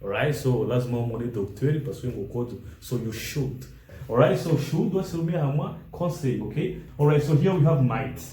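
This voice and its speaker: A man teaching an English grammar lesson, switching between English, French and a local language, reading example sentences out slowly. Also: a little high, mellow, roomy sound, low-quality recording.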